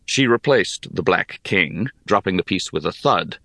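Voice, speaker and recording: A man reading a story aloud in measured, expressive narration. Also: low voice, dry recording, clean studio sound. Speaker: audiobook narrator. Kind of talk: scripted narration.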